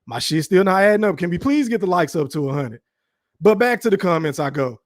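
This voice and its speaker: A podcast host streams live, ranting in a heated, mocking and profane way and speaking directly to his chat audience. His voice sits high and is expressive and a little fast, recorded in studio quality with no room sound.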